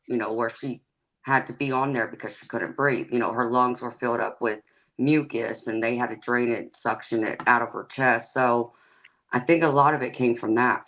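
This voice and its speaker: Frank, bright-voiced woman telling her story. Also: rumbling low, low-quality recording. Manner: frank and plainspoken, laughs easily. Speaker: psychic and tarot reader, guest. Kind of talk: candid personal storytelling in a live-stream chat.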